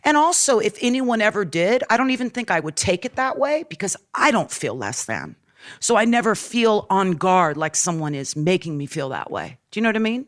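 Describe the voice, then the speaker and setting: A woman's voice: mid-range voice, sing-song, a little fast. A woman in her forties, a rock singer speaking openly and from the heart in an interview, with frequent fillers. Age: 40s. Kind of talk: candid interview talk.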